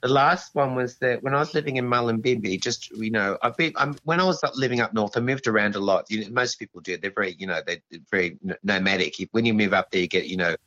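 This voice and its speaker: A man being interviewed as a guest, telling a story in a halting, rambling way, full of restarts and asides. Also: fairly low pitch, sharp tone, highs cut off.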